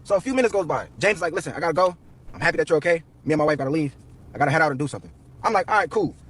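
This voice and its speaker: A man's voice: on the high side, lively intonation, very fast, fairly bright tone, slightly rough. A young man telling a long personal story on a live stream, slangy and profane, quoting everyone in turn.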